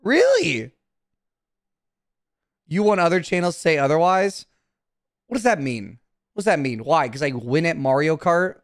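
A man's voice: on the high side, big pitch swings, moderate pace, pauses often, dry recording, clean studio sound. A young man streaming casually, talking to his chat in a brash, profane, defensive way.

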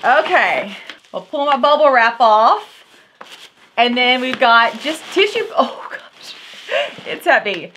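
A young woman from southern Texas with a warm drawl talks straight to her viewers about a box she's opening. Her voice sits a little high and stays bright and crisp. She keeps it chatty and excitable, sprinkling in plenty of y'alls. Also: slow pace, a little hiss or hum. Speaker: vlogger, unboxing host. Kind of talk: casual unboxing chat to camera.

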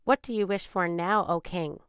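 A woman reading aloud and voicing an eager male tortoise with a raspy voice in a storybook. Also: on the low side, moderate pace, a bit bright, dry recording, clean studio sound, lightly acted.

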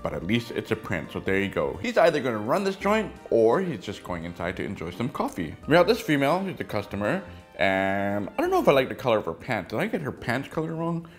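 A man's voice: medium pitch, wildly swooping pitch, a little fast, faint music behind. A man hosting a casual toy review, chatty and joking as he goes over each piece.

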